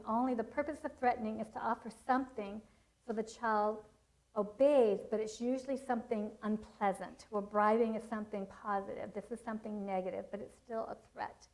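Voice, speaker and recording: A woman's voice: fairly high pitch, steady tone, moderate pace, darkish tone, rough recording. A middle-aged woman giving a parenting seminar, telling stories and teaching in an earnest way. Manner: earnest, storytelling with acted quotes. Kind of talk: seminar talk with personal stories.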